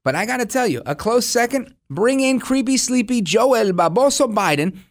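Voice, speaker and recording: A man's voice: very high-pitched, expressive, normal speed. A man hosting a political talk show, giving combative, sarcastic opinion commentary.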